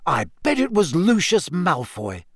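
Man doing a loud, scoffing teenage boy. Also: high-pitched, wildly swooping pitch, a little slow, no echo, clean studio sound, voice pushed up, exaggerated voice. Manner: loud, incredulous.

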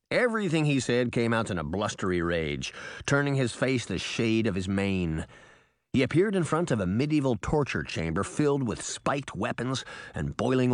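Male audiobook narrator, lively storytelling, dead dry booth. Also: mid-range voice, no echo. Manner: expressive storytelling. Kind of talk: scripted narration.

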